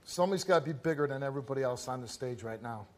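A man hosting a confrontational talk show on a studio stage, lecturing guests with forceful repetition. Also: mid-range voice, rapid-fire, heavy background noise. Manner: intense, forceful, repeats phrases for emphasis.

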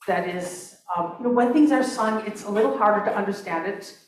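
A woman's voice: mid-range voice, fairly quick. A woman composer giving a talk about her opera, chatty and full of restarts and fillers. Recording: echoey hall, mic from far off.

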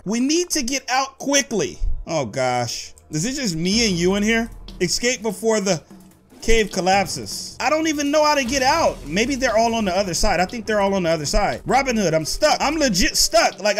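High, lively young-sounding man gaming. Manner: excitable, yelps and shouts when scared, chatty with viewers. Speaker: gaming YouTuber. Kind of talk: let's-play commentary, reading story-game dialogue aloud.

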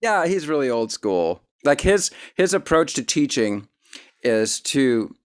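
A podcast host with a mid-range voice interviews someone over a video call, speaking slowly but very animatedly. The chat is easygoing and casual, full of fillers and restarts.

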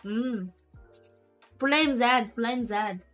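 Lady streaming, high voice, rambles n giggles, keeps restarting. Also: extremely slow, fairly bright tone, soft background music. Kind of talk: casual live-stream chat.

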